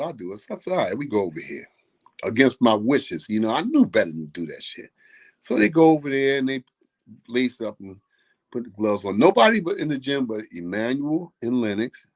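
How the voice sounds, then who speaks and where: An older man, a boxing trainer, telling a profane story and acting out the quoted voices. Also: mid-range voice. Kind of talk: casual storytelling.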